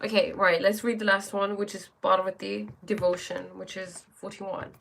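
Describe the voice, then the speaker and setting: A woman's voice: medium pitch, little pitch movement, moderate pace, creaky, noisy background. A woman hosting a live stream who chats casually, greets viewers by name and reads oracle cards aloud, often restarting her sentences.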